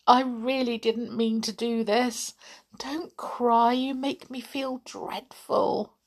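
A woman's voice: a little high, steady tone, slow pace, pitched above the performer's own voice. A woman reading aloud and voicing a clumsy, kindly man who speaks in a small, sorry voice. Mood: apologetic. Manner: small, apologetic voice. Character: Saucepan Man, clumsy kindly old fellow.

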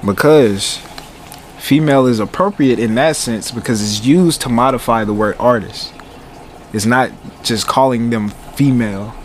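A young man co-hosting a casual podcast with a laid-back, teasing manner. He explains his points patiently at a middle pitch, never in a hurry. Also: moderate pace, a little hiss or hum. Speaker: podcast co-host. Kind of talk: casual chat.

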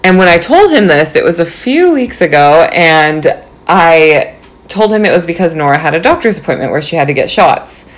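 A young woman in her twenties, casually telling a story to her viewers in a bubbly, animated way, full of fillers like "like" and "um". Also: lowish voice, normal speed. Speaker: vlogger.

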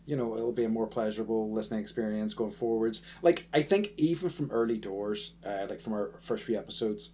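A man's voice: fairly low pitch, warm tone, slight background noise. A man co-hosting a casual podcast chat, rambling and self-correcting as he talks, often breaking into laughter. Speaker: podcast co-host.

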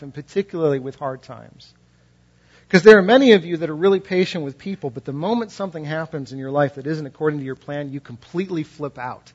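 A man preaching a sermon as a pastor, talking conversationally and acting out quoted voices, his pitch climbing when he gets impassioned. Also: slightly rough. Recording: dull lo-fi recording.

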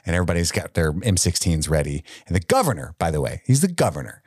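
Man, podcast co-host, casual movie recap, storyteller, acts out quotes, deep voice, dry close sound. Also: wildly swooping pitch, fast talker, a little mellow, breathy edge, no room sound.

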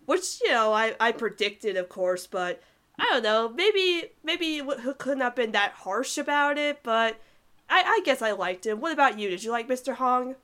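A woman's voice: on the high side, expressive, normal speed, pushed and bright. A woman co-hosting a podcast in casual chat, chatty and giggly, trailing off with filler words. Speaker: podcast co-host reviewing cartoon episodes.

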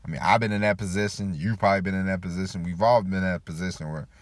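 A man's voice: deep voice, fairly even intonation, fast, dry recording. A man hosting a casual motivational talk, rambling and repeating himself, acting out quoted people as he goes. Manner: rambling, repeats 'you know', acts out quoted voices. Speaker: podcast host.

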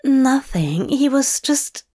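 Woman reading a gentle, fussy man. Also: sits high, expressive, slow, voice pushed up, exaggerated voice. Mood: wry.

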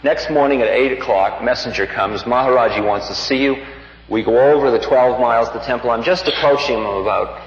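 A man giving a spiritual talk, telling a personal story in an unhurried, reflective way and livening up the quoted lines. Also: medium pitch, slight background noise. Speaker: spiritual teacher. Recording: dull lo-fi recording in a reverberant hall.

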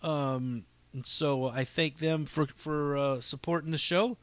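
A man's voice: a little high, steady tone, measured pace, dry recording. A man hosting a podcast, telling stories in a profane, rambling, casual monologue with frequent laughs. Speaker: podcast host and comedy show runner.

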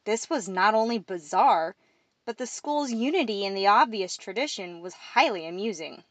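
A woman narrating a first-person novel in a steady storytelling read. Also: mid-range voice, normal speed, dry recording. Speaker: audiobook narrator.

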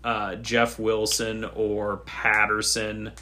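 A man's voice: on the low side, slow. A man chatting casually, animatedly recounting a dispute and reading out messages. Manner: animated storytelling, reads out chat messages. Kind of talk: casual chat.

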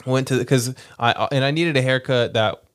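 A man's voice: medium pitch, fairly even intonation, normal speed, a bit bright, smooth, no echo, clean studio sound. A young man co-hosting a podcast, telling stories in a rambling, laid-back way with many restarts. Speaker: podcast co-host. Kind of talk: casual chat.

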